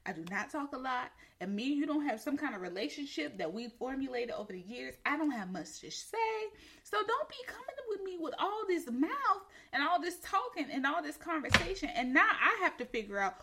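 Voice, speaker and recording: High, bright woman ranting with laughs. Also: sing-song, a little fast. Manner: laughing, emphatic, profane. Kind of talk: comedic rant.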